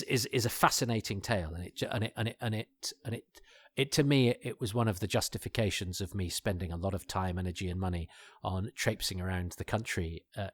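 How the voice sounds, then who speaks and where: A man talks through an old episode in a casual commentary, rambling with many restarts and fillers and chuckling asides. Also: on the low side. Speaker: podcast host.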